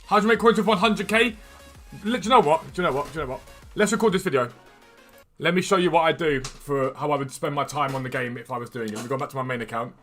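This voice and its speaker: A man hosting a gaming livestream, chatting quickly and enthusiastically as he trades and answers questions from chat. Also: fairly high pitch, fairly bright tone, faint music behind. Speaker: gaming streamer and video host. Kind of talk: casual livestream chat while trading in a football game. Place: room at home with a door.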